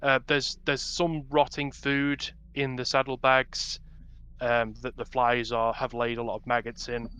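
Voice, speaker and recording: This man narrates a tabletop game in a bright, crisp, clear voice. He describes each scene slowly and in detail, often pausing on ums and restarting his sentences. His delivery stays descriptive throughout. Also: medium pitch, little pitch movement. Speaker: game master.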